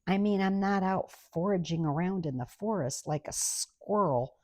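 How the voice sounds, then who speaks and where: An older woman tells an exasperated, sarcastic comic story. Her voice is low, husky and gravelly, with a mellow tone. The sound is close and dry. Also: moderate pace, no echo. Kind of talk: comic rant monologue.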